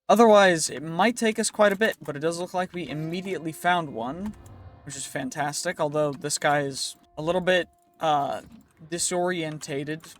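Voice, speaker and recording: Upbeat man with a raised pitch. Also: a bit bright. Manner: upbeat, playful slang and asides to viewers. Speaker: gaming channel host. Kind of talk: casual gameplay commentary.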